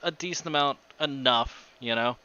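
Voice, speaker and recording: A man's voice: mid-range voice, moderate pace, pushed and bright, clear, resonant tone, highs cut off. A man co-hosting a podcast in casual chat, hesitant and full of fillers. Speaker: podcast co-host.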